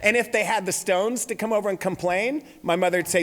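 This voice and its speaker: A man's voice: sits high, fairly quick. A man in his forties telling comic stories as a recovery meeting speaker, laughing at his own lines. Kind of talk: comic storytelling talk. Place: large convention hall. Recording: reverberant hall recording.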